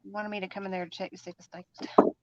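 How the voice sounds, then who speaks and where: A woman's voice: mid-range voice, little pitch movement, very fast. A woman hosting a casual crafting livestream, chatty and teasing, sometimes talking with her mouth full. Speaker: craft channel host. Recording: muffled lo-fi audio with clear background noise.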